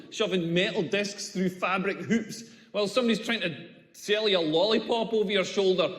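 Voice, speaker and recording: A Scottish man performs stand-up, his voice pitched high as he rants sardonically and mocks the people he quotes. He is on a stage microphone in a club room with a long, echoing reverb. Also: a bit bright. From Scotland. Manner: sardonic, exasperated ranting with mocking quoted voices. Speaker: stand-up comedian. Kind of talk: stand-up comedy set.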